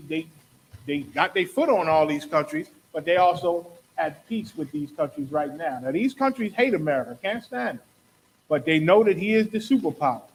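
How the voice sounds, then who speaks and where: A man's voice: fairly high pitch, poor audio. A man hosting a talk show, giving impassioned, preachy religious commentary and acting out quotes. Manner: preachy, rhetorical, acts out quotes. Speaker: podcast host.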